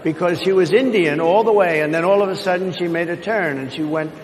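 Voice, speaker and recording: A man's voice: high voice, fairly quick, a little hiss or hum. Insistent man in a reverberant hall. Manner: insistent, repetitive assertions. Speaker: interviewee. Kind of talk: answering a panel interview.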